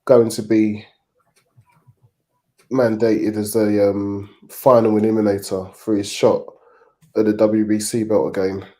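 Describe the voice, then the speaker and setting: A British man on a boxing talk show panel, measured and sceptical in tone. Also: fairly low pitch, little pitch movement, mellow.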